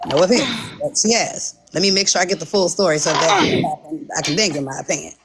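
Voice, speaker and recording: A woman recounting events in casual livestream chat, profane and animated, acting out what others said. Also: sits low, brisk, background noise. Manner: animated, profane storytelling full of quoted dialogue.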